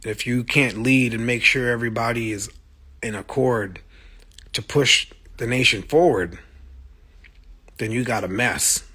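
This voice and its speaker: A man's voice: medium pitch, unhurried, pauses often, pushed and bright, husky. A man talking on a phone livestream, blunt and profane, speaking with passion and answering viewer comments as they come in. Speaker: musician streaming live to fans. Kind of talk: casual livestream monologue.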